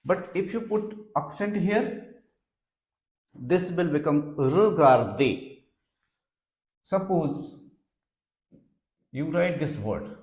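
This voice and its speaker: Male language teacher, slightly high voice, very slow and deliberate classroom lecture, echoey room. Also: animated, darkish tone. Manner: slow, deliberate explaining, spelling words letter by letter. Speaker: French teacher.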